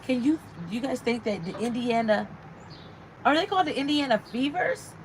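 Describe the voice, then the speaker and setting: A woman's voice: on the high side, expressive, normal speed, a little hiss or hum, low-quality recording. A woman hosting a casual livestream, chatting and reading out viewer comments. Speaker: livestream host.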